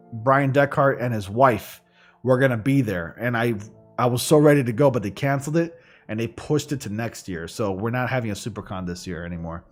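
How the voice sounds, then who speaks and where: A male streamer talks casually while playing, rambling from thought to thought with plenty of fillers. His voice sits in an ordinary middle pitch, picked up by a studio microphone. Soft game music plays faintly underneath. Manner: rambling, filler-heavy, chatty. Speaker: gaming livestream host. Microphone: studio condenser microphone.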